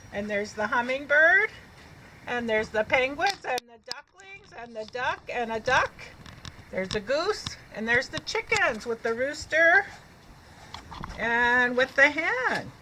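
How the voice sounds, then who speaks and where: A woman teaching reading to young children, her voice bright and on the higher side. She works through phonics at a very unhurried pace and sounds out each letter and word clearly so little ones can repeat after her. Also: expressive, a little hiss or hum, poor audio.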